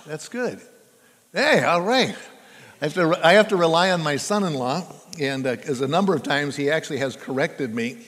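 Older pastor preaching in a reverberant church. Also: male voice, fairly high pitch, fairly bright tone. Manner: halting, repeats words, building to emphatic stresses. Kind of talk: sermon. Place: church sanctuary.

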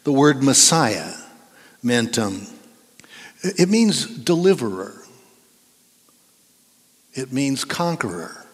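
A man's voice: mid-range voice, big pitch swings, takes it slowly, long pauses, husky. A middle-aged man preaching a sermon in a church, conversational and playful as he coaxes the congregation to join in. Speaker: pastor. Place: church sanctuary. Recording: long hall reverb.

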